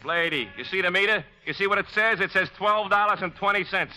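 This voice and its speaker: An actor playing a brusque, money-minded New cab driver in a 1950s radio drama. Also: male voice, sits high, a little fast, sharp tone, rough recording. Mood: gruff, cynical. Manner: brusque, streetwise, blunt. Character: gruff New York cab driver, grasping and cynical. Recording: old radio broadcast.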